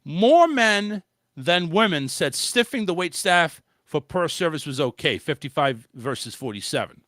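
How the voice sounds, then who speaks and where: A man's voice: a little high, big pitch swings, unhurried, fairly bright tone, no room sound. A male host giving a blunt, swearing opinion monologue in a casual style, talking into a close mic. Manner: blunt, ranting, swears freely.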